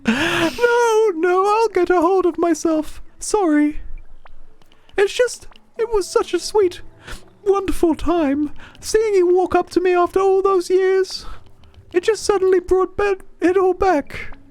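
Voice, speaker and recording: A man's voice: very high-pitched, very animated, slow, pauses often, pitched above the performer's own voice, exaggerated voice. A man voicing a tearful, emotional young woman from a video game, sobbing and stammering as he reads her lines live.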